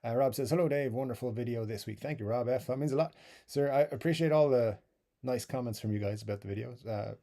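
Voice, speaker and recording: Laid-back Irish man, mellow voice. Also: mid-range voice, quick pace. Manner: easygoing, chuckling, self-deprecating asides. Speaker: YouTube live stream host. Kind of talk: casual live stream chat, reading viewer comments.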